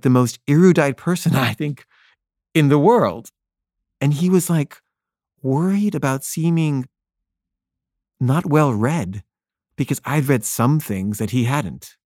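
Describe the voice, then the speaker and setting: A filmmaker recounting a personal anecdote in an earnest way, often stumbling into restarts mid-sentence. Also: male voice, a little high, measured pace, long pauses, darkish tone, no room sound, clean studio sound. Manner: earnest, with frequent stammered restarts.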